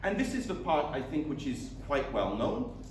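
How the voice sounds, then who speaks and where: A man's voice: on the high side, big pitch swings, normal speed. Man, middle-aged, mixed British accent with Scottish and Baltic tinges, lecture, fillers and restarts, distant mic, echoey room. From born in the UK, raised in England. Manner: self-deprecating, with frequent fillers and repeated words. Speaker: visiting professor. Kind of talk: academic lecture. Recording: echoey room from far off, faint noise.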